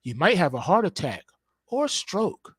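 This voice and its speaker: A man voicing a calm, grandmotherly drug-ad narrator with a soft, even, reassuring read. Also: high voice, normal speed, breathy edge, dry recording, clean studio sound, exaggerated voice.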